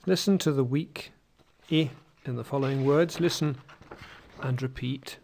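A male pronunciation teacher leads a drill at a very unhurried pace, saying each word by itself for the learner to repeat. His voice sits at a middling pitch, and his delivery is deliberate and careful. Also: vocal fry, a little mellow. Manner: slow, deliberate, says each word on its own; takes words again after a slip.

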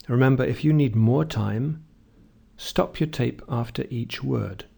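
A man's voice: mid-range voice, creaky, dark tone, husky. A man teaching pronunciation, reading word lists. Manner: slow, deliberate, carefully enunciated words. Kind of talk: slow instructional audio for learners.

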